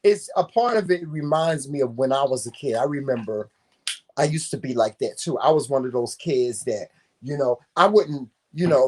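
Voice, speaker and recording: A man co-hosting a talk show, chatting casually with slangy, expressive speech and frequent laughs. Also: mid-range voice. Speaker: co-host. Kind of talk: casual chat.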